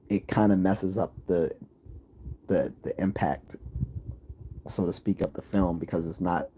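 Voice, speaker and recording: Male livestream host, East Coast accent; low, mellow, husky voice; rambling, opinionated chat with viewers.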